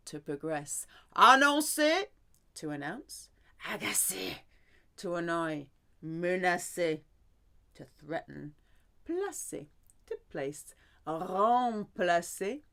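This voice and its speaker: A woman teaching verbs in a lively, sing-song lesson, repeating each word as she goes. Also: fairly low pitch. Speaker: French teacher. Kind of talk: language lesson.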